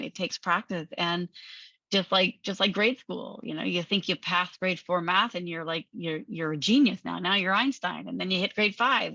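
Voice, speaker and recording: A woman hosting a podcast, talking in an animated, emphatic coaching manner and laughing often. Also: mid-range voice, dry recording, lo-fi sound. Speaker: podcast host. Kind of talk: conversational coaching talk.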